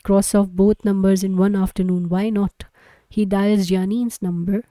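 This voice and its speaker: A woman reading a novel aloud in a plain, steady voice, with an occasional slip. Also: mid-range voice, unhurried, dry recording. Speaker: audiobook reader.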